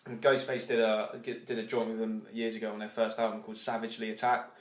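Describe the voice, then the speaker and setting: A man's voice: lowish voice, level tone, fast, over a noisy crowd. Laid-back man hosting a podcast. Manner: laid-back, swears casually, hesitant fillers. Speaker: podcast host. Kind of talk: casual chat. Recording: echoey room.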